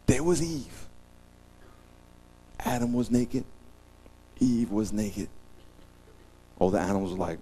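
Joking, animated middle-aged pastor. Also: male voice, fairly low pitch, brisk. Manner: animated, joking storyteller who acts out scenes. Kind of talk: sermon.

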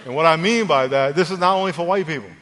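A man's voice: a little high, fast talker, a bit bright, a little hiss or hum. A male pastor preaching a sermon and leading an altar call in an earnest, conversational way. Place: church auditorium. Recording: long church reverb, faint music.

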